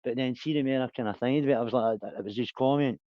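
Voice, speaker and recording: A man's voice: medium pitch, fairly quick, no echo, dull audio. A man, hosting a casual livestream chat, rambling, laughing and swearing a lot. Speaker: livestream host.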